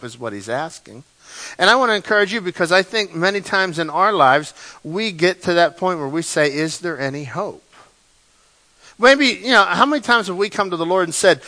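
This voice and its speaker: Guy preaching, kinda high bright voice, animated, repeats himself a lot. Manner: animated, repeats words, acts out the story's lines. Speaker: pastor. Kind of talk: sermon.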